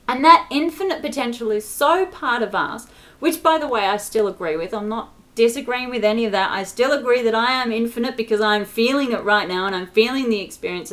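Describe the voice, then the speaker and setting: A woman in an angry, exasperated rant to camera, swearing often and stressing her words. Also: on the high side. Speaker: spiritual vlogger.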